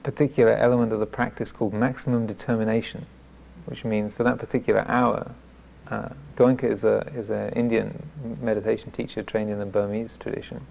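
Gravelly-voiced monk giving a dharma talk. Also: male voice, lowish voice, level tone, a little mellow, lo-fi sound. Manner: self-deprecating storytelling; halting, with frequent restarts. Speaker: Buddhist monk teacher.

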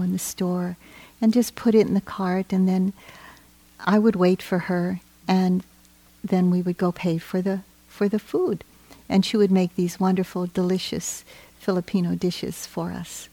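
Woman meditation teacher, dharma talk: warm, mellow, gentle and reflective, dry close sound. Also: medium pitch, dry recording. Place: meditation retreat.

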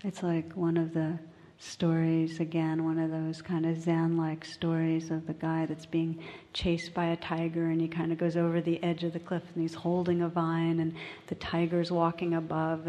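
A woman meditation teacher giving a dharma talk, gentle and unhurried and often dropping to a whisper, recorded in a large meditation hall. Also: deep voice, completely flat delivery.

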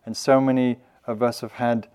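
A man teaching at a meditation retreat, speaking in a gentle, loose, conversational way with light self-mocking humor. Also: medium pitch, flat delivery, normal speed, clear, resonant tone. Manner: loose, with frequent fillers and restarts. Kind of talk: dharma talk at a meditation retreat.

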